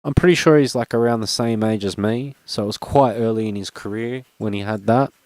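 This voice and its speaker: A man's voice: lowish voice, fairly quick, darkish tone, no room sound. A young man chatting casually while opening trading cards, rambling and joking at his own expense. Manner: rambling, joking, self-mocking. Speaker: card-opening vlogger. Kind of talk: casual unboxing chat.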